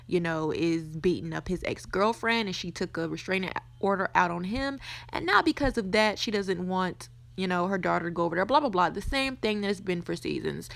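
A woman's voice: fairly low pitch, creaky, fairly bright tone, no room sound. A woman hosting a casual TV recap, blunt and opinionated, talking in a gossipy way. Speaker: podcast host.

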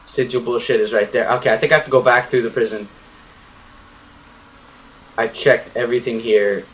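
A young man commentating a horror game as he plays, panicky and swearing, yelling at the enemies on screen. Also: mid-range voice, steady tone, moderate pace. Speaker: gaming YouTuber.

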